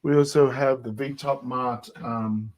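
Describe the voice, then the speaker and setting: A man's voice: medium pitch, steady tone, measured pace, darkish tone, low-quality recording. A man hosting a live shopping show, walking through each product's features step by step. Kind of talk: product demonstration.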